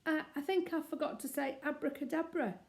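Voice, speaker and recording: A woman's voice: on the high side, sing-song, moderate pace, gravelly, warm tone, pitched above the performer's own voice. A woman reading aloud and voicing a small, polite, earnest young bear with a hopeful manner.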